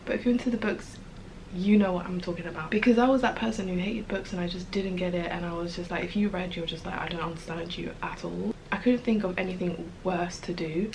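A young woman chatting casually in a home vlog about a book she loves, gushing and excited, and sometimes dropping to a soft whisper. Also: fairly low pitch, fast talker, vocal fry, a little hiss or hum, rough recording. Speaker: book vlogger.

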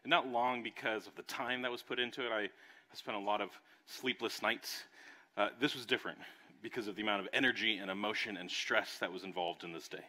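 A man's voice: fairly low pitch, a little fast. A young adult man, a pastor preaching a sermon and telling a personal story, acting out voices along the way. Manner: animated storytelling, acts out voices. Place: church service.

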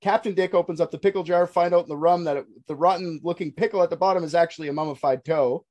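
A man's voice: on the high side, fast talker, darkish tone. A man hosting a podcast, telling a story in a casual, jokey way and swearing freely.

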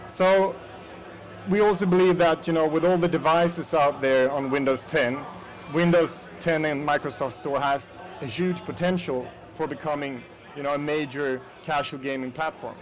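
A man's voice: on the high side, steady tone, moderate pace, rough recording. Swedish-accented man giving a casual presentation. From Sweden. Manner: chatty, addresses the audience directly with frequent fillers. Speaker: conference presenter. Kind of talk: casual conference talk. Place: conference hall.

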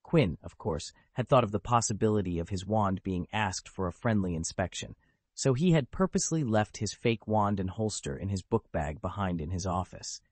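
A man reading a web novel aloud as an audiobook narrator, in steady storytelling. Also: fairly low pitch, moderate pace, husky, dry recording. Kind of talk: scripted narration.

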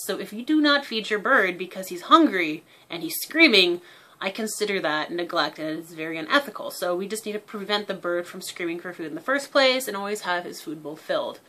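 A woman's voice: medium pitch, bright, forceful tone. A young woman who owns a parrot, talking casually and explaining bird behavior through everyday examples. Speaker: parrot owner giving behavior tips.

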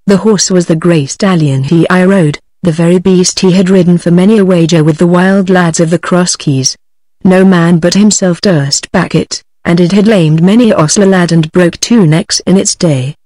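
A text-to-speech woman's voice with a British English accent, narrating an audiobook in an even, synthetic reading. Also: on the low side, moderate pace, no room sound.

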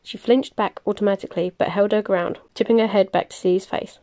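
A woman reading a novel aloud, plain and unhurried, with small slips she corrects as she goes. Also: medium pitch, steady tone, mellow. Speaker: reader. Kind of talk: audiobook-style novel reading.

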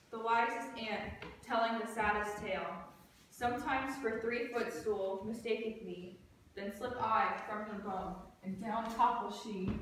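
A woman's voice: on the high side, a bit bright. A young woman reading as a boastful prankster sprite. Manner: reciting verse lines with emphasis. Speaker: student actor. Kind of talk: classroom rehearsal of verse drama. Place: school classroom. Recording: echoey room, far from mic, background noise.

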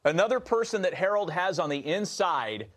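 A man's voice: high voice, big pitch swings, normal speed, fairly bright tone. Teasing male radio co-host. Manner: teasing, joking. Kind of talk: casual radio banter.

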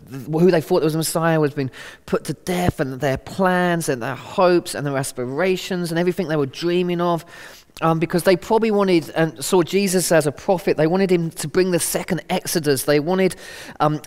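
Earnest man giving a talk in a reverberant hall. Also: fairly high pitch. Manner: earnest, conversational, acts out quotes. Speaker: Christian speaker. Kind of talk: sermon talk.

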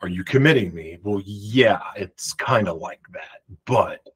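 A man host telling a personal story in a rambling, animated way, often cutting himself off. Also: lowish voice, a little slow, slightly rough, poor audio. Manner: rambling, animated, self-interrupting retelling.

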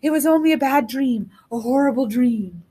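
A woman's voice: high-pitched, moderate pace, dark tone, slightly rough. A woman voicing a rude, ugly male ogre who barks out boastful remarks. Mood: dazed.

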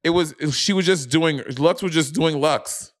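A man's voice: on the high side, measured pace. A man co-hosting a casual review podcast over a video call, sassy and opinionated. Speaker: podcast co-host.

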